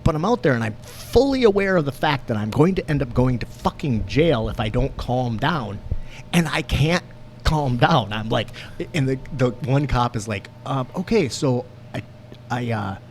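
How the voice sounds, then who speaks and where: A man co-hosting a podcast, telling a story in casual chat, animated, swearing and laughing as he goes. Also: mid-range voice, moderate pace, a little hiss or hum. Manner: animated, profane, laughs through his story. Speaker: podcast co-host.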